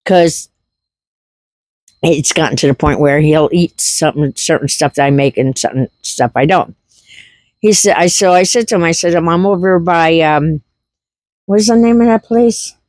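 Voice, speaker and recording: A woman's voice: sits low, normal speed, a little mellow, no echo. A middle-aged woman telling a funny story in a casual vlog, laughing through it and repeating herself. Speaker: homestead vlogger.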